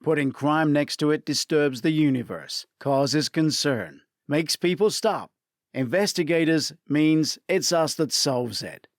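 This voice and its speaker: A man's voice: on the high side, a little slow, no room sound, studio quality. A man voicing a blunt, sarcastic older American detective in a spoken audiobook. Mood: dry. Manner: curt, sarcastic, dismissive.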